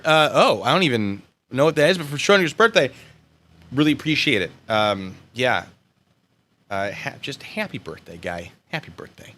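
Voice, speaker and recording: An American man with a medium-pitched voice talks at a normal speed while hosting a casual stream. He jokes with his audience in an animated way, shifting from loud moments to quiet, mumbled asides.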